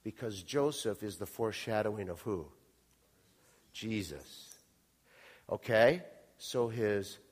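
A man's voice: medium pitch, big-room sound. Impassioned male pastor preaching. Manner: impassioned preaching, calls out to the congregation. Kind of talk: sermon. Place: church hall.

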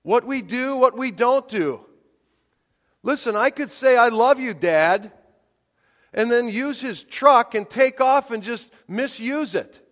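High-voiced preacher in an echoing hall. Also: male voice, unhurried. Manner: emphatic, rising to near-shouts on key points. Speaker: pastor. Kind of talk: sermon. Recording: long hall reverb.

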